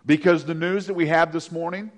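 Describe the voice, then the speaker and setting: A man's voice: a little high, fairly even intonation, fairly quick. A man preaching a sermon in a conversational way, with joking asides. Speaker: pastor.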